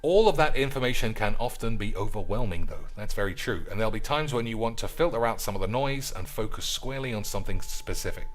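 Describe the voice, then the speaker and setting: A man's voice: fairly low pitch, animated, fast talker, hardly any pauses. Crude sarcastic man playing a game. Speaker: gaming video host. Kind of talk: casual gameplay commentary.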